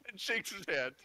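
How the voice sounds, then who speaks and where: A man playing a tabletop game, chatting playfully and laughing as he describes his character. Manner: playful, laughing, very lively pitch. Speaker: player. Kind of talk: casual tabletop play.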